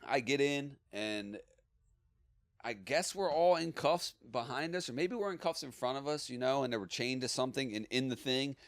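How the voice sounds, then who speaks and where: Male podcast storyteller: swears a lot, says "bro", animated, recorded dry and close. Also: mid-range voice, normal speed, no echo. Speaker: podcast co-host or guest. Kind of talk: casual comedic podcast chat.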